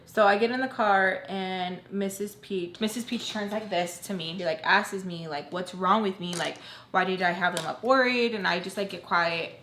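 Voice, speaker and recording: This storytime narration comes from a young female vlogger who chats casually about her own experience and leans heavily on the word "like." Her voice is mid-range and a bit bright, at a normal speed. Roomy echo and faint hiss color the audio.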